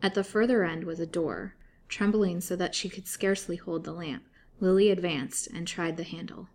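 A woman reading a gothic novel aloud as storyteller, in a measured, dramatic way. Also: lowish voice, steady tone, a little mellow.

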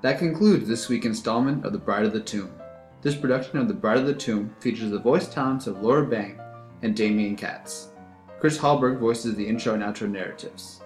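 A man's voice: lowish voice, normal speed. A man reads the closing credits of a podcast in a plain, informative manner. His voice sounds roomy, and faint music plays underneath. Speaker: announcer.

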